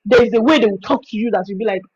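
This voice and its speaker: A Nigerian woman hosting a webinar, giving an expressive, storytelling talk on working with clients. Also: fairly high pitch, rapid-fire, breathy edge, highs cut off. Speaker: virtual assistant trainer hosting a webinar. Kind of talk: informal teaching talk.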